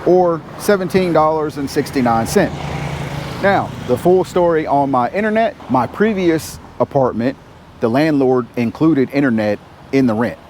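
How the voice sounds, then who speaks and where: A man's voice: fairly high pitch, animated, normal speed, darkish tone, a little hiss or hum. A man talking casually to camera as a vlogger, laid-back and joking, walking around a market and a laundromat. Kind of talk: casual vlog narration. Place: outdoors on city streets, market and laundromat.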